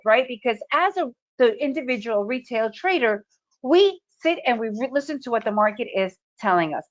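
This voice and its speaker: A woman's voice: sits high, dull audio. A woman trading educator giving a webinar lesson, emphatic and full of rhetorical questions. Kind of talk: webinar presentation.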